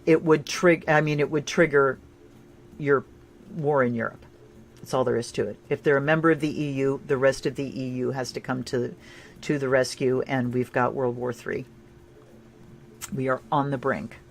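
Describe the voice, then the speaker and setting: A woman doing a casual tarot and astrology reading, chatty and rambling, with sudden bursts of excitement. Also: very deep voice, normal speed, slight background noise.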